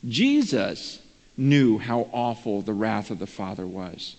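Pastor preaching in a reverberant hall. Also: male voice, on the low side, expressive, takes it slowly, creaky, darkish tone. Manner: earnest, conversational preaching, often says "man". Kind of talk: sermon. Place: church sanctuary.

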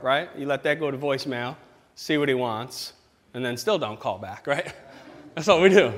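A man preaching a casual sermon, playful and animated, with exaggerated reactions. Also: medium pitch, normal speed, long reverb tail. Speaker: pastor.

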